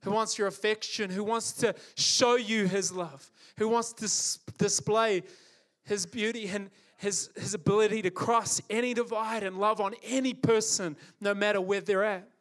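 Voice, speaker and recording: Impassioned high-voiced male preacher. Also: fairly even intonation, normal speed, a bit bright. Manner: impassioned, repetitive and emphatic. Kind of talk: sermon.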